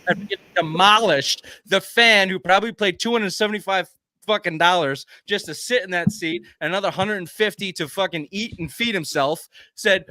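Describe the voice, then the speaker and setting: A man's voice: high-pitched, moderate pace, pushed and bright, dry recording. Man, sports talk host, heated profane rant, dry close sound. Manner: profane, ranting, emphatic.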